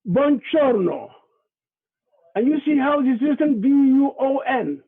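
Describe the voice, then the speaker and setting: Man, very high voice, deliberate lecture, tinny video-call sound. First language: Somali. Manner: deliberate, spells out letters and sounds. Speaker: Somali language and culture presenter.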